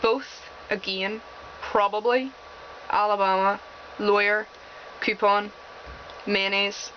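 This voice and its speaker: A teenage girl from Northern Ireland speaks with a Belfast and Fermanagh accent that carries a faint American tinge, at a mid pitch. She chats wryly to camera between ums. The sound is dull and lo-fi from a webcam mic, with a faint hiss behind her. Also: fairly even intonation, a little slow, pauses often, a bit bright. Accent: Northern Irish, mix of Belfast and Fermanagh with a slight American tinge. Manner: chatty and wry, with frequent ums. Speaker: vlogger. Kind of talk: casual to-camera chat, reading out a word list and questions.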